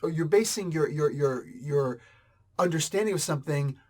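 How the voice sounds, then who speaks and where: A man reviews a comic book in a blunt, rambling, exasperated rant. His voice sits slightly high for a man. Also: normal speed. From New Jersey, US. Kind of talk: casual ranting review.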